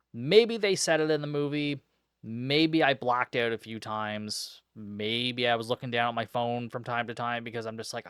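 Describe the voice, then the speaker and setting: A young man hosts a podcast in a casual review chat, sounding sarcastic and fed up. His voice sits at a middling pitch. The recording is dry and close, with little room sound. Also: a bit bright, smooth, dry recording. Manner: sarcastic, exasperated, swears freely. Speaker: podcast host. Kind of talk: casual movie review recap.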